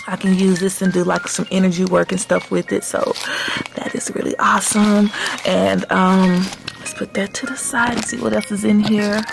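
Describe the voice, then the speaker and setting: A woman chatting excitedly to viewers while unboxing a gift box, gushing and calling them y'all. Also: mid-range voice, vocal fry. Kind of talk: casual unboxing chat.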